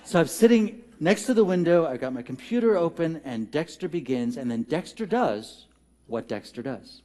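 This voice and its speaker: A man's voice: on the high side, expressive, normal speed, mellow. A man giving a storytelling sermon, conversational and humorous, who talks directly to his congregation. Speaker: minister. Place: church sanctuary.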